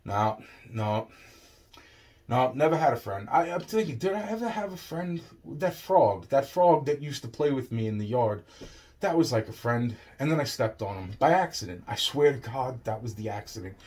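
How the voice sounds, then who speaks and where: A man delivering a rambling, profane monologue that swings between loud outbursts and low muttering. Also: animated, normal speed.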